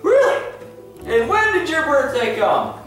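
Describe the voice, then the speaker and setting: A woman's voice: fairly low pitch, big pitch swings, unhurried. Playful woman quizzing children, echoey. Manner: playful, teasing, exclaiming. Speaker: interviewer asking children questions. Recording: echoey room from far off, music behind. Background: music.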